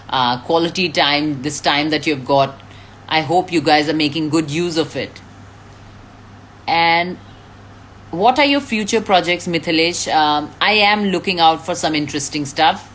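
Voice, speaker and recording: Speaking in a low-pitched voice, a woman hangs out casually on her live stream, reading fan comments and names aloud, thanking people and laughing a lot. A slight hiss or hum can be heard.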